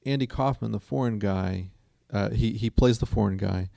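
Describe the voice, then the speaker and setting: A man's voice: lowish voice, normal speed, creaky, warm tone, dry recording, clean studio sound. A man co-hosting a casual talk show who tells stories in an earnest, rambling way. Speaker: co-host. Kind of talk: casual chat.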